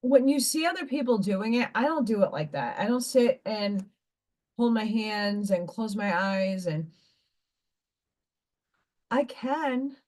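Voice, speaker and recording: A woman speaks slowly with frequent pauses, her medium-pitched voice animated yet a bit dark. Hosting a livestream, she rambles openly and swears casually, stopping now and then to read oracle card messages aloud.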